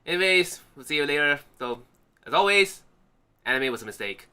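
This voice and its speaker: Male podcast co-host, very bright tone, rambling casual delivery. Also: fairly high pitch, expressive, a little fast, clear, resonant tone. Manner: rambling, filler-heavy, many restarts. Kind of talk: casual chat.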